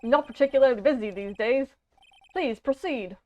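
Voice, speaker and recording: A woman's voice: fairly high pitch, animated, unhurried. Lady putting on a self-important old lawyer guy, wobbly drawl, kinda muffled audio, game dub. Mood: blustery. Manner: blustery, self-important, strained odd drawl. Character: pompous older male law-firm boss. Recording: dull lo-fi stream audio.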